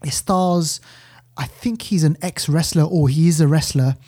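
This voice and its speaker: A man hosting a film podcast in loose, animated chat. His voice is mellow and relaxed. He rambles through a story with plenty of restarts. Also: fairly high pitch, moderate pace. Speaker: podcast host, film reviewer. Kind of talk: casual chat.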